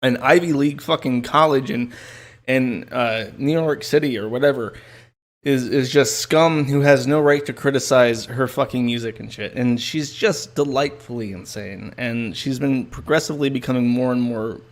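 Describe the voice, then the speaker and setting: A man's voice: medium pitch, moderate pace. A man hosting a stream, talking in a casual, sardonic, profane way as he comments on a clip. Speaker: streamer host.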